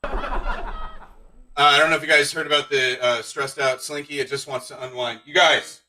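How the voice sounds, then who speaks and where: A man doing a stand-up comedy set, telling deadpan one-liners with awkward asides. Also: medium pitch, moderate pace, far from the mic, a little hiss or hum, rough recording. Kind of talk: stand-up set streamed live.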